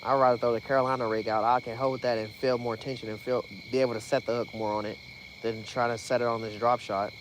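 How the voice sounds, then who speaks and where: A man chatting excitedly to a live-stream chat while fishing, swearing freely and out of breath. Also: medium pitch, fast, background noise. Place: outdoors on a dock at night.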